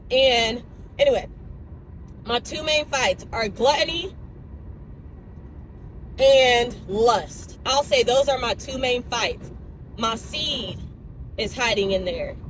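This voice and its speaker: A woman's voice: on the high side, background noise. Chatty young woman vlogging to her phone. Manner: chatty, animated, speaks to viewers as y'all. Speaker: fitness vlogger. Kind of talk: casual chat to camera. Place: car, then gym locker room.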